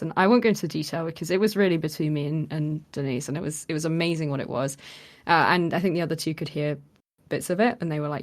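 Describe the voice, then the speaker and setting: Speaking quickly in a deep voice, this podcast co-host recounts a story during a casual conversation. She gets animated, performing the quoted lines and filling her speech with many fillers.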